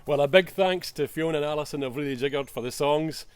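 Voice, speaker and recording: A man's voice: fairly high pitch, fast, slight background noise. A Scottish man presenting a casual whisky tasting, enthusiastic but full of hesitant fillers and restarts.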